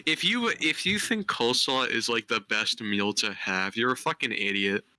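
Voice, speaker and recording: A man's voice: mid-range voice, expressive, moderate pace, sharp tone, dry recording. A young man on a podcast, speaking bluntly in casual chat, swearing and stumbling over words. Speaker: podcast co-host.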